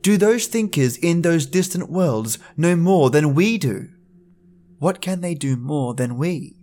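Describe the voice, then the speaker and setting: A man with a voice pitched somewhat high reads a classic horror tale aloud for a podcast. He performs the first-person diary with a theatrical, tormented manner. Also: animated, a little slow, dark tone. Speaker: podcast narrator. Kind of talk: dramatic storybook reading.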